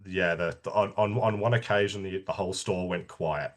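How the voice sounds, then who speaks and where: A middle-aged Australian man, an army veteran guest telling stories in a casual interview, halting with frequent restarts and laughing as he talks. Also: low-pitched.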